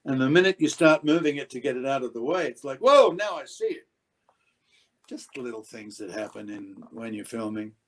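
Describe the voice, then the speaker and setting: An older man, an actor being interviewed, telling behind-the-scenes stories and acting out quotes with sudden loud outbursts. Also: mid-range voice, fairly quick, hardly any pauses, rough recording. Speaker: actor guest. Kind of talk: anecdotal interview storytelling.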